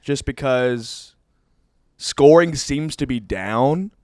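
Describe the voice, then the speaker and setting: A man's voice: medium pitch, takes it slowly, dry recording, studio quality. A young man cohosting a casual sports chat, talking in an easygoing, offhand way. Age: young adult.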